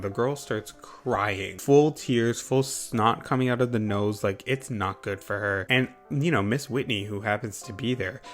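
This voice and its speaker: A young man hosting a comedic movie recap, sarcastic and dramatic, swearing freely. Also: mid-range voice. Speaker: YouTube host.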